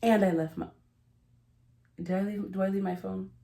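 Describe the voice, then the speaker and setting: A woman's voice: mid-range voice, fairly even intonation, normal speed, vocal fry, dark tone. Rambling giggly woman in an echoey room. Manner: rambling, giggly, self-interrupting storyteller. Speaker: vlogger. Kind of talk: casual confessional chat. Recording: roomy echo.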